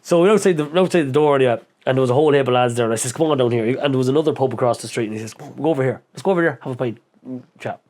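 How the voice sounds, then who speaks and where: Irish man, podcast guest, casual storytelling, lively, swears, mimics voices. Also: medium pitch, rapid-fire. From Irish midlands. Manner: animated, acts out quoted voices, swears freely.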